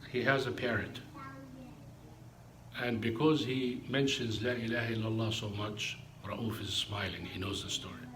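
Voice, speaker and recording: A man's voice: on the low side, steady tone, moderate pace, background noise. A man, an imam, preaching a sermon in an emphatic storytelling way, dropping in Arabic phrases.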